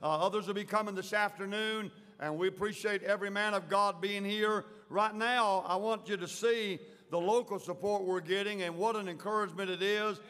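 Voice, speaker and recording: High-voiced pastor with a Southern accent. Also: male voice, steady tone, normal speed, hardly any pauses, fairly bright tone, clear, resonant tone. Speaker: pastor leading a church service. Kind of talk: folksy service announcements. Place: large church sanctuary. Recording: long church hall reverb.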